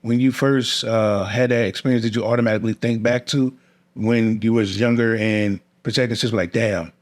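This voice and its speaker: A man's voice: on the low side, fairly even intonation, moderate pace. A man hosting a podcast interview in a casual way, agreeing often and speaking with loose slang. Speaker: podcast host.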